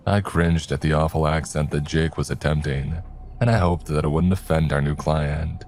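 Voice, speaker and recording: A man narrating a scripted horror story in a steady, measured way. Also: very deep voice. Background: faint music.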